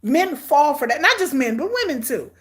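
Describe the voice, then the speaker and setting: Woman, high-pitched, middle-aged, blunt, sarcastic, animated, casual watch-along commentary. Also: moderate pace. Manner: hyperactive and energetic. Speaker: reality TV commentator.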